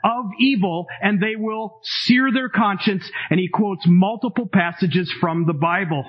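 A man in his fifties preaching a sermon to a congregation, emphatic and animated, with dramatic asides. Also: high voice, unhurried, husky, lo-fi sound. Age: 50s. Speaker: pastor.

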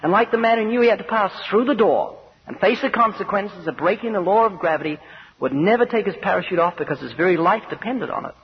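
Emphatic preacher, a man, high voice. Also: expressive, quick pace. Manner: earnest, emphatic, acts out anecdotes. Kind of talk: evangelistic sermon. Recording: dull lo-fi recording with faint noise.

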